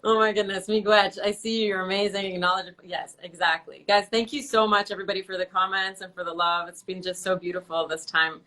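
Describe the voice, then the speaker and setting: A woman hosts a casual livestream interview, full of gushing thanks and enthusiasm. Her voice is bright and forward, at a middling pitch for a woman. She comes through a video-call connection. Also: steady tone. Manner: effusive and enthusiastic, quick to laugh. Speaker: host.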